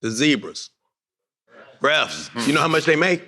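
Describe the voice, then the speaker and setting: A man's voice: fairly high pitch, big pitch swings, unhurried, pushed and bright. A man moderating a panel, energetically quizzing young basketball players and coaxing answers.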